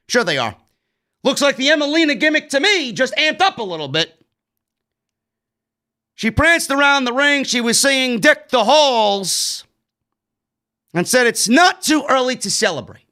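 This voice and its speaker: A man's voice: extremely high pitch, sing-song, moderate pace, long pauses, bright, forceful tone. A man with a New York accent recapping a wrestling show in a blunt, sarcastic, swearing rant. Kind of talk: casual recap commentary.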